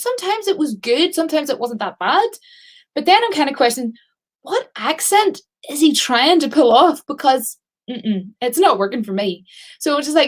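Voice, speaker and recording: A woman chatting casually on a live stream as a movie reviewer, rambling with fillers and restarts. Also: high voice.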